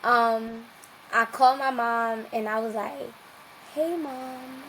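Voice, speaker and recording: A young woman, a podcast guest, telling a long personal story in a lively, casual way and acting out what people said. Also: a little high, unhurried, a little hiss or hum, rough recording. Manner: lively, acts out quoted dialogue.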